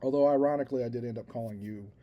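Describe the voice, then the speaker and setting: A man's voice: medium pitch, rapid-fire, muffled recording. A man co-hosting a podcast, telling a rambling, self-deprecating story in casual chat and laughing at himself. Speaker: podcast co-host.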